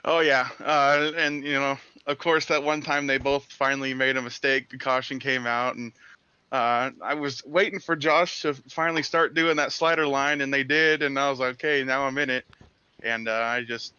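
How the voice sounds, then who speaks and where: Bright eager young-sounding race driver man. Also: mid-range voice, little pitch movement, normal speed, smooth, no echo, dull audio. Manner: eager, rambling, laughs easily. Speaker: race driver being interviewed. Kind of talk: casual interview.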